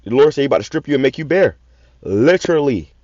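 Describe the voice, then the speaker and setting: A man's voice: medium pitch, expressive, fast talker, a little mellow, no echo. A man preaching scripture in a raw, profane style, repeating words in stammering runs and swearing often. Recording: dull lo-fi sound.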